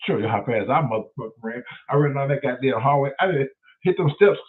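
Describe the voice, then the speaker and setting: A man hosting his own show, telling stories in a profane, animated way. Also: medium pitch, brisk. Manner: profane, animated, loud storyteller. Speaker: show host. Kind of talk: casual livestream storytelling. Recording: tinny phone-like sound.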